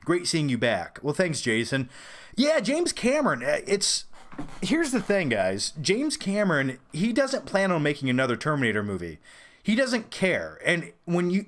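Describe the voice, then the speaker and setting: A man hosting a casual live-stream Q&A about movies, rambling and opinionated with frequent restarts. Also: on the high side. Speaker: host of a film review channel.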